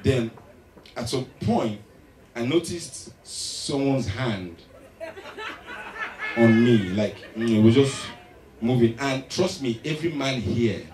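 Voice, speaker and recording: A man with a Nigerian accent telling a stand-up story, animated and getting loud on the punchlines. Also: mid-range voice, slow pace, pauses often. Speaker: stand-up comedian. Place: large live venue stage. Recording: echoey hall, distant mic, loud crowd.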